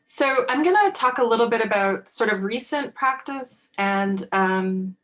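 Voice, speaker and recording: A woman's voice: a little high, lively intonation, a little slow, fairly bright tone, rough recording. A woman giving an artist talk over a video call, casual and chatty with a lot of fillers.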